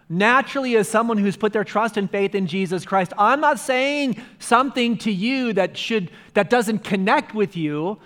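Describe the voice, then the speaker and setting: High-voiced guy pastor preaching, chatty, keeps repeating lines for punch. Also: fairly bright tone. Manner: emphatic repetition, conversational preaching. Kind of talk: sermon.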